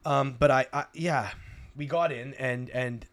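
A young man from Canada, hosting a podcast, telling a story fast and loose with swearing and restarts. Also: medium pitch. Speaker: podcast host. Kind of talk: casual chat.

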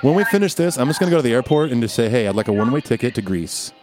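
A man in his forties hosting a casual interview, easygoing and quick to joke and laugh. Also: medium pitch, animated, over music. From United States. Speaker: podcast host.

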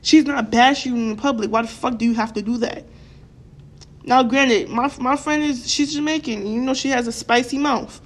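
A woman's voice: fairly high pitch, normal speed. A young woman ranting to her viewers in a blunt, profane, fired-up way, often repeating words for emphasis. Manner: fired-up, addresses viewers directly. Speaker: vlogger. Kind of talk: casual opinion rant to camera.

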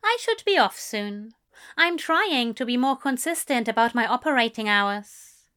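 A woman's voice: fairly high pitch, lively intonation, measured pace, pushed and bright, clean tone. A woman voicing a fussy, affectionate male angel in a fan-fiction reading, speaking in a fond, coaxing way. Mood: bright.

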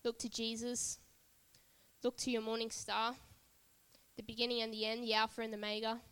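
A woman's voice: a little high, monotone, normal speed, a bit bright, clear, resonant tone, big-room sound. A woman preaching a sermon at a church service, earnest and repetitive, building emphasis phrase by phrase.

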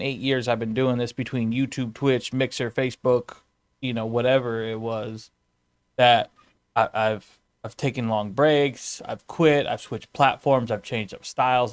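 A man's voice: medium pitch, no echo. Laid-back male streamer, dry sound. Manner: laid-back, rambling, laughs often. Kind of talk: casual podcast chat.

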